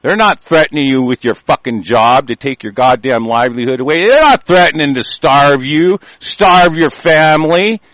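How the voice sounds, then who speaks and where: An older American man giving a profane, angry monologue, reading news aloud and commenting, swinging from low mutters to shouting. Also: normal speed, hardly any pauses, no room sound, rough recording. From United States.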